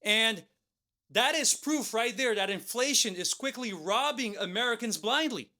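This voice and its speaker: A man's voice: very high-pitched, expressive, a little slow, sharp tone. A man co-hosting a talk show, telling a motivational story and tagging his lines with "right?" and "okay?". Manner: keeps adding "right?" and "okay?". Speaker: co-host.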